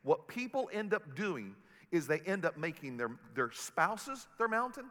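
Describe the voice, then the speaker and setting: A man preaching a sermon as pastor, animated and humorous as he tells stories to his congregation. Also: a little high, a little slow, long reverb tail. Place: large auditorium.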